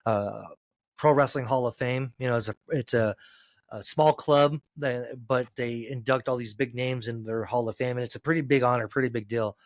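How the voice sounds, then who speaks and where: A man, a former pro wrestler, telling road stories in a casual podcast chat, cursing freely and rambling, climbing loud and high as he gets worked up. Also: normal speed, no echo. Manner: profane, rambling storyteller, gets loud and high when excited.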